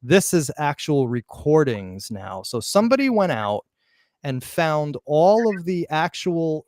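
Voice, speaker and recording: A man hosts a live podcast in an excited, emphatic rush, tripping over words and starting them again as he goes. His voice is smooth and resonant, and the sound is dry and close, with no room around it. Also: on the high side, dry recording. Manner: excited, emphatic, with restarts and stumbles. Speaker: podcast host.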